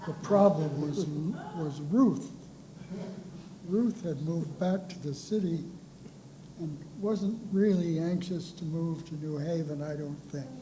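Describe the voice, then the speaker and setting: A former dean recalls an anecdote at a panel talk, speaking slowly and pausing to remember. The telling is unhurried and reflective. Background noise is clearly audible in the hall recording. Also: medium pitch. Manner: unhurried, reminiscing, halting. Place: lecture hall.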